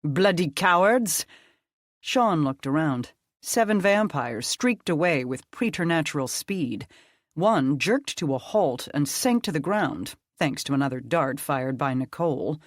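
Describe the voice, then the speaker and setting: An audiobook narrator reading a dark fantasy story in a steady, measured way. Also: mid-range voice, no room sound, studio quality.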